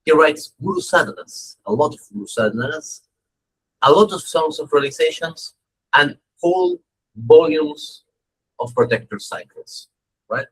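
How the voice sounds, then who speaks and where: A dharma teacher tells stories in a husky voice with a lively, swinging pitch. He lectures in a joking, conversational way. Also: unhurried, low-quality recording. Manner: animated, joking, conversational, frequent "right?". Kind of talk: humorous lecture storytelling.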